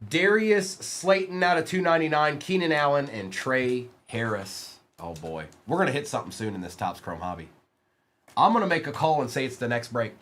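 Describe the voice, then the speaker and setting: A man hosting a live-stream card break, reading off player names quickly and teasing viewers between bursts of excitement. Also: medium pitch.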